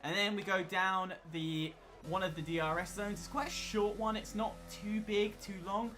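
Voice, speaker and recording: A man's voice: high voice, steady tone, moderate pace, pushed and bright, faint music behind. A man co-commentating a sim racing broadcast, explaining the track and its rules in a technical way. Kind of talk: esports race commentary.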